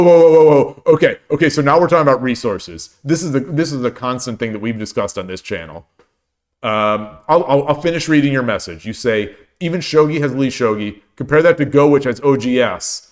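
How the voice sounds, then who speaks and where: A man in his forties, tired, chatting casually with viewers on his stream, rambling with many restarts and joking at his own expense. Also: mid-range voice. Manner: rambling, with frequent restarts and self-deprecating jokes. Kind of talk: casual chat while streaming games.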